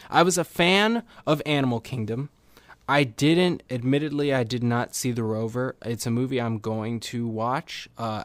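Young male film vlogger, eager and rambling, average pitch, dry recording. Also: no room sound. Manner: enthusiastic, rambling. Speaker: movie reviewer. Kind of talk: casual movie review.

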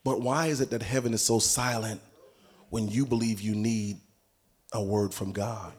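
A man preaching a sermon in a church, animated and humorous, often acting out voices. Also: lowish voice, normal speed, slightly rough. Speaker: pastor. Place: church sanctuary.

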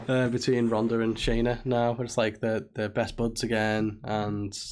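A man's voice: mid-range voice, monotone, unhurried, darkish tone, a little hiss or hum. A man with a northwest English accent from near Liverpool, co-hosting a podcast in a rambling, chatty way. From northwest England. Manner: chatty, rambling, laughs often. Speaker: podcast co-host. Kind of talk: casual chat.

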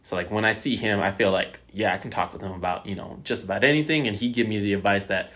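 A man's voice: lowish voice, fast, a bit bright. A young man in casual chat who tells stories, acts out quoted lines, swears freely and uses lots of fillers.

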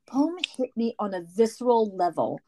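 A woman's voice: medium pitch, animated, normal speed, mellow, slight background noise. A woman co-hosting a conversation, responding with open emotion and eager enthusiasm. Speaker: podcast co-host. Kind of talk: conversational discussion.

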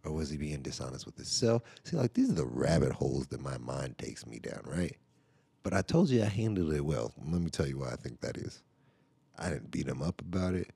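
A man's voice: extremely low pitch, very animated, fairly quick, vocal fry, mellow, husky, no echo. A father podcasting from home, telling a story in a casual, rambling way, full of "like" and "right?" asides.

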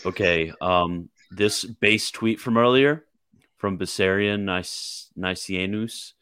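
A man's voice: deep voice, slow pace, fairly bright tone, smooth, dry recording. A man hosting a casual livestream chat, joking around and directing what to show next. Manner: laid-back, joking, directing the stream. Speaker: stream host.

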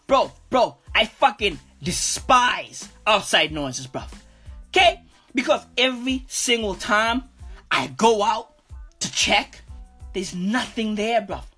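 A woman puts on a swaggering, foul-mouthed street bro for a comedy bit. His voice sits high and husky and swings wildly up and down as he brags in slang. Faint music plays behind him. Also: sharp tone, full character voice. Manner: cursing slangy bravado, constant "bruv". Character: swaggering profane male street bro, boastful. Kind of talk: comedic character monologue.

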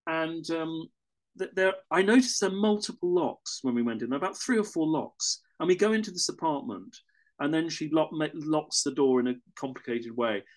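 A man's voice: on the high side, normal speed. An English man telling a personal story in a casual, rambling way, often correcting himself mid-sentence. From England. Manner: rambling, self-correcting, with chuckles.

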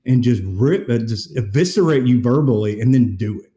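A man's voice: medium pitch, normal speed, reverberant. A man hosting a casual sports podcast, retelling stories and acting out quotes. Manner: animated storyteller, acts out quotes. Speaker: podcast co-host.

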